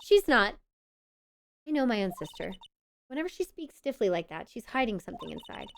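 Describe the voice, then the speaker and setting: A woman's voice: a little high, sing-song, a little fast, slight background noise. A woman streamer voicing a devoted, anxious young woman who pleads to defend her older sister, while reading game dialogue aloud. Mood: pleading.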